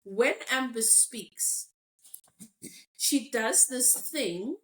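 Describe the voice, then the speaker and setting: A woman's voice: fairly high pitch, animated, extremely slow, a bit bright. A South African woman hosting a podcast, talking things through thoughtfully and reading listener comments aloud. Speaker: podcast host. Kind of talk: casual discussion.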